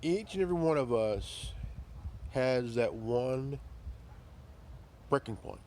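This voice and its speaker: This commentary vlogger speaks at medium pitch with a mellow tone and lively intonation, over a little hiss or hum. His profane, confrontational rant keeps stumbling into repeated words.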